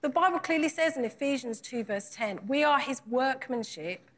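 Woman, preacher, sermon, earnest, questioning, conversational, higher-pitched. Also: lively intonation, normal speed. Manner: earnest, asks the congregation repeated direct questions; acts out scripture dialogue in conversational retelling.

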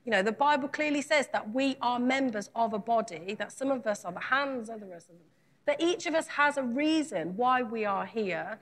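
A woman preaching a sermon with a fairly high voice. She retells scripture as lively dialogue and presses her listeners with earnest, repeated questions. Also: normal speed. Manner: earnest, asks the congregation repeated direct questions.

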